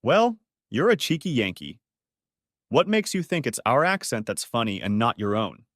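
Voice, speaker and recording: A man's voice: mid-range voice, very animated, normal speed, fairly bright tone, no room sound, clean studio sound. A man voicing a big, blunt, teasing man in his sixties in an audiobook story. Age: 60s. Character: big older Australian man, blunt and sociable.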